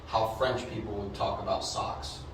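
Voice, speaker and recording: A man's voice: on the low side, flat delivery, normal speed, a bit bright, a little hiss or hum. A man co-hosting a casual podcast chat who rambles, repeats himself and laughs partway through sentences. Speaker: podcast co-host. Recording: echoey room, far from the mic.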